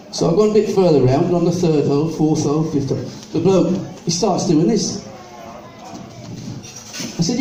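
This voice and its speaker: High-voiced older man telling jokes. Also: lively intonation, moderate pace, dark tone. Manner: chatty storytelling, acting out other people in joke dialogue. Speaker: stand-up comedian. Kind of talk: stand-up comedy with audience banter and sing-along. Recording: echoey venue, mic heard from a distance.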